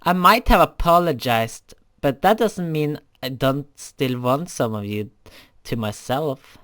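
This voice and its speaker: A man's voice: mid-range voice, lively intonation, unhurried, fairly bright tone, dry recording, studio quality. A man voicing a teasing creeper girl.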